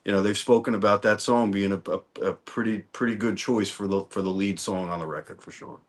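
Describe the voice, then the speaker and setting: Low-voiced man telling a story. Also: fairly quick. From New Orleans, Louisiana. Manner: relaxed storytelling with many restarts and repeated words. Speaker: guest songwriter. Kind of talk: casual interview chat.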